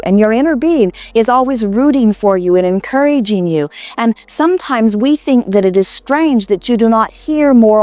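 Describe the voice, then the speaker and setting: A woman giving an inspirational talk to a live audience, speaking as a collective "we" in a calm, reassuring way with repeated phrases. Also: mid-range voice, dry recording. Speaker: seminar speaker answering audience questions.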